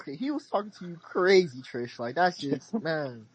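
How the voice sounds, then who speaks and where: A man co-hosting a podcast in expressive casual chat, mockingly quoting others. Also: fairly high pitch, normal speed, a little hiss or hum, rough recording. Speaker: podcast co-host.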